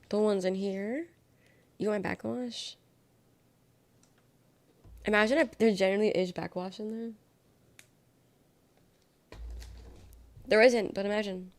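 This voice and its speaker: This young adult woman livestreams with a creaky, mid-range voice, rambling sarcastically and casually. She reacts to chat by reading viewer comments aloud and drifts between topics.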